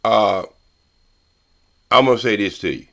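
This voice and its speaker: An older man on a podcast panel, arguing loudly and profanely and repeating points for emphasis. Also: lowish voice, unhurried, creaky. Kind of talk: heated podcast debate.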